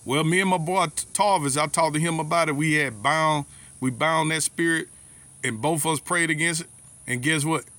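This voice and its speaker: Bright-voiced man preaching a folksy sermon. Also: on the high side, normal speed. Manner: folksy, repeats words, Southern US dialect grammar. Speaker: lay preacher. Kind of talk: informal sermon with personal stories.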